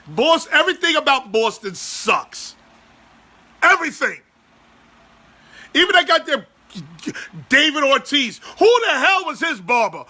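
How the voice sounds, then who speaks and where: A man in his forties hosting a sports podcast, ranting loudly and profanely in exasperation. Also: extremely high pitch. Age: 40s.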